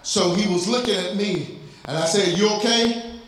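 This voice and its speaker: A man's voice: high-pitched, moderate pace. A man preaching a sermon as pastor, speaking of fatherhood and lifting his voice into pleading prayer. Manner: preaching, rising to cries in prayer. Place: church sanctuary. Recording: very echoey church hall, faint noise.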